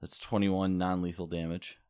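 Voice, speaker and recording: A man with a very deep voice plays a tabletop game with friends. He reads out his dice results in a plain, matter-of-fact way. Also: level tone, normal speed, warm tone, clear, resonant tone. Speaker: player.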